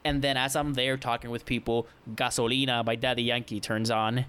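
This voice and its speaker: A man's voice: medium pitch, little pitch movement, a little fast, fairly bright tone, smooth. Young guy telling a rambly podcast story, lots of restarts, voices other people. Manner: rambling, many restarts, acts out quoted lines. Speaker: podcast co-host. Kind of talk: casual storytelling chat.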